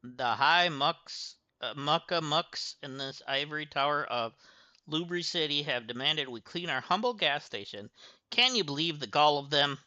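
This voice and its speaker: A man's voice: on the high side, lively intonation, normal speed, pushed and bright, no room sound. A man reading game dialogue as a grumbling small-town gas station owner in a put-on Southern accent. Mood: indignant. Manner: indignant, drawling read-aloud of game dialogue.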